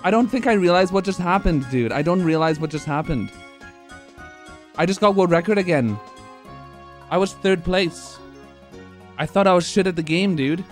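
A young man streaming live, excited and out of breath from laughing, swearing freely as he celebrates. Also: high-pitched, moderate pace, pauses often, faint music behind. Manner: excited, profane, laughing between lines. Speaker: speedrun streamer.

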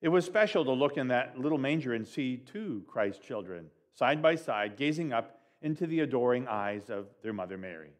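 A man reading a Christmas story aloud expressively at a children's time in church, with big swings in pitch and loudness. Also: expressive, normal speed, hardly any pauses.

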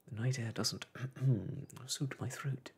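A man's voice: medium pitch, steady tone, slow, darkish tone, exaggerated voice. A man doing a fussy old magpie. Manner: fussy, throat-clearing.

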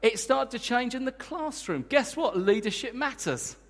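A man preaching a sermon to a congregation, energetic and emphatic, joking with the crowd between points. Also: very high voice, normal speed. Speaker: guest preacher. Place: church hall. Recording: long church hall reverb.

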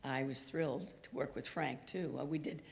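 A woman's voice: low-pitched, moderate pace, vocal fry. A woman in her eighties giving a chatty talk full of anecdotes, acting out the quoted lines of people in her stories. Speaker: guest speaker. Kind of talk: storytelling talk. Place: university lecture hall. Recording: reverberant hall.

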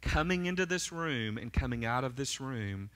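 A man preaching a fervent sermon in a church sanctuary. His voice is bright and forceful, pitched in a normal middle range. He keeps turning to the congregation with quick "right?" and "amen?" check-ins. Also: expressive. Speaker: pastor.

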